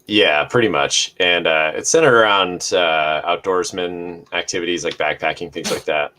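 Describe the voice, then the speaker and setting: A man's voice: sits low, moderate pace, sharp tone. A man in a casual chat, telling a story loosely, with frequent swearing and laughter.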